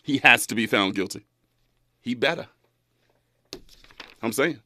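A man in his twenties hosting a talk radio show, animated and folksy, laughing often. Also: medium pitch, measured pace, no echo, studio quality. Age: 20s.

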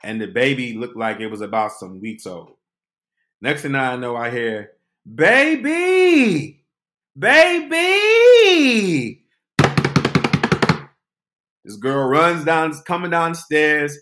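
Animated man telling a comic story. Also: medium pitch. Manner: animated, acts out voices and quotes. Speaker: podcast host.

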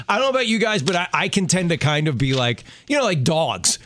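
A man's voice: a little high, very animated, moderate pace, a bit bright, a little hiss or hum. A middle-aged man co-hosting a faith radio show in casual chat, easygoing and joking, laughing often. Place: radio studio.

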